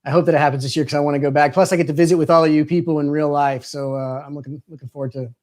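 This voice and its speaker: A man's voice: fairly high pitch, little pitch movement, racing, a little mellow. A man hosting a live stream over a video call, chatting casually, joking and laughing often. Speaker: livestream host.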